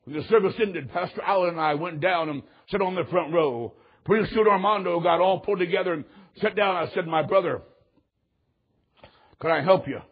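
A man's voice: sits high, a little fast, husky, highs cut off. A man preaching a sermon, telling a story with drama and quoting people in varied voices. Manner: dramatic, quotes others in changing voices.

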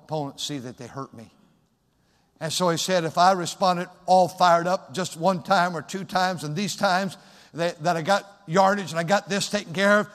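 A man preaching a fiery sermon as pastor, moving from hushed storytelling to shouted exhortation. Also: sits high, long reverb tail.

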